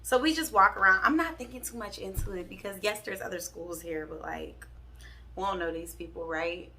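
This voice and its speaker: Sassy young woman with a gravelly edge. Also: medium pitch, normal speed, sharp tone. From Pittsburgh. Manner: candid, sassy storytelling, addresses viewers as y'all. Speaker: vlogger. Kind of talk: storytime vlog.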